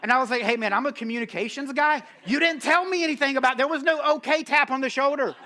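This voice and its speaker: A man's voice: very high-pitched, quick pace, pushed and bright. A middle-aged male pastor telling a funny personal story in a sermon, acting out his own panicked thoughts. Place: church auditorium.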